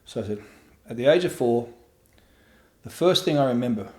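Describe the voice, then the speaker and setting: Speaking at a normal speed with a medium pitch, a middle-aged man recounts a raw personal story as a guest on a podcast. He is in a room at his home with noticeable echo, and his candid, profane telling includes animated impressions of what people said.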